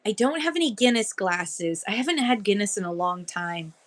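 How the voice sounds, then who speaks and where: A woman's voice: mid-range voice, expressive, moderate pace. A woman hosting a casual livestream chat, greeting viewers one by one by name in a bubbly, chatty way. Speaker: livestream host greeting sellers.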